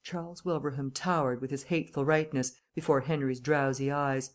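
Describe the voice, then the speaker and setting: A woman reads a classic novel aloud as audiobook narrator. Her delivery is measured and even, in a steady storytelling manner. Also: extremely low pitch.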